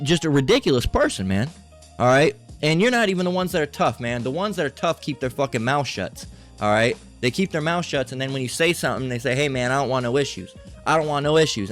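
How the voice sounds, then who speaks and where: A man ranting over a reaction clip in a profane, preachy way, leaning on "all right?" and "okay?" between points. His voice sits at an ordinary middle pitch, with faint music underneath. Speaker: commentator.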